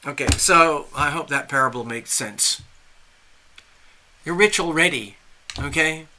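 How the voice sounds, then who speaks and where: A man's voice: a little high, unhurried, pushed and bright, slight background noise. A man doing tarot readings on a live stream, telling a story in a chatty, rambling way with restarts and asides. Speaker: tarot reader.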